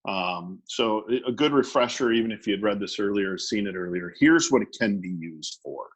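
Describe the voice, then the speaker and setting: A man's voice: lowish voice, expressive, brisk, slightly rough, low-quality recording. A man who works as a business lawyer, presenting a webinar in a conversational way with many fillers and restarts.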